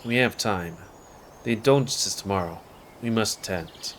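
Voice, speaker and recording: A man's voice: fairly low pitch, moderate pace, fairly bright tone, slight background noise, natural voice. A man voicing a terse, formal male tribal leader in a game, speaking in clipped commands. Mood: stern.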